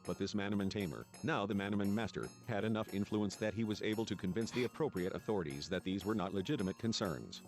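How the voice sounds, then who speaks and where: A man's voice: lowish voice, fast talker, few pauses, faint music behind. A man reading game dialogue and narration aloud in a let's play.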